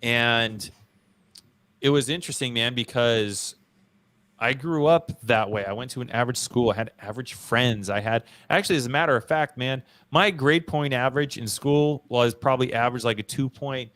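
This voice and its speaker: A man's voice: mid-range voice, moderate pace, fairly bright tone, no echo. A man hosting a casual podcast, telling his own story in a slangy, self-deprecating, emphatic way. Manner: slangy, storytelling, frequent "bro" and "dude". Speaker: podcast host.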